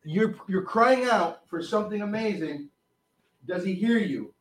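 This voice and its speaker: A man preaching a sermon, reading scripture with rising force and dropping low on asides, with frequent restarts. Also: slight background noise, low-quality recording. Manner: animated, rises loud on scripture and drops low on asides; halting, with restarts and fillers.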